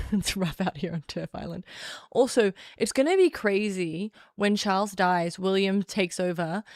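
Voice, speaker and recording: A woman's voice: lowish voice, dry recording. Young woman streamer, sarcastic rambling chat, dry close-mic sound. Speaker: livestream host. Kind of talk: casual livestream chat.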